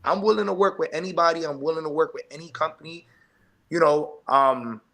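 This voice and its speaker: A professional wrestler appears as the guest on a live online interview show, in podcast-interview style, delivering his words with emphatic hype. His voice is on the high side, gravelly and a bit bright, and he talks a little fast.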